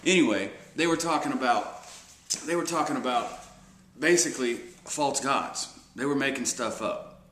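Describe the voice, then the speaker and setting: Guy rambling thru a bible story at home, lotsa uhs, bright voice, echoey room. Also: mid-range voice, normal speed, a little hiss or hum. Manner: rambling, many fillers and restarts, acts out quotes. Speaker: devotional speaker. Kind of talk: casual retelling of a Bible story.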